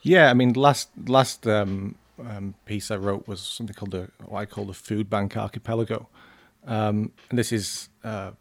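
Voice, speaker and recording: Man, thirties, northern English accent, gravelly, lowish voice, hesitant, lots of ums. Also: steady tone, moderate pace, few pauses. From northern England. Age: 30s. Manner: hesitant, many ums and restarts. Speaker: guest journalist. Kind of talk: casual podcast chat.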